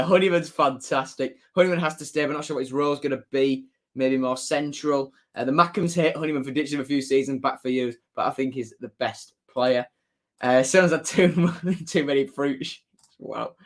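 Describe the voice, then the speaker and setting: A chatty man talks casually on a live stream, reading viewer comments aloud. His voice sits a little high for a man. He laughs easily and tends to say things twice. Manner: chatty, laughs often, repeats his phrases. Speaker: football fan streamer.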